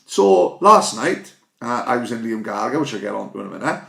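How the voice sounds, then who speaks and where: A man's voice: medium pitch, very animated, a little fast, vocal fry, sharp tone. A man telling a long, sweary story in casual chat. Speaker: podcast co-host. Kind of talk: casual pub-style chat. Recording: echoey room.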